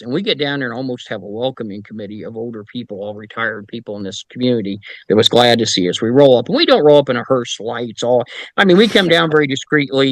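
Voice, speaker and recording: This is casual storytelling from a middle-aged Indiana man who looks into the paranormal, his medium-pitched voice recorded with no room sound. He animates his anecdotes by voicing the people he quotes, frequently restarting and filling pauses.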